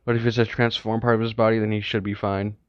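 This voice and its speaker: Speaking quickly in a lowish, level voice with a clean tone and no room sound, a man casually narrates an improvised fan story. He rambles, corrects himself, and drifts into many asides. The recording is dull, lo-fi, and dry.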